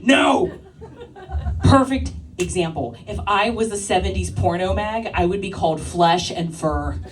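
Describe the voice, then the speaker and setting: A woman in her thirties performing loud, crude stand-up comedy and teasing the crowd. Her mid-pitched voice is picked up from a little distance in a live club. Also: unhurried, slight background noise. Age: 30s. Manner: brash, crude, loud crowd banter with frequent laughs. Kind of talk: stand-up set with crowd work. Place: live club stage with audience.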